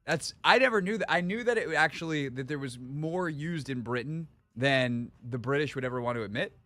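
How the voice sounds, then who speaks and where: A man hosting a sports radio show, talking casually in an animated, jokey way. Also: medium pitch, brisk, dry recording.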